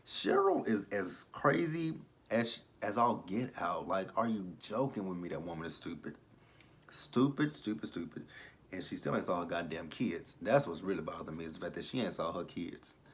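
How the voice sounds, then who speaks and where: A man around thirty reviewing a reality show in casual commentary, animated and profane with rambling asides. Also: fairly low pitch.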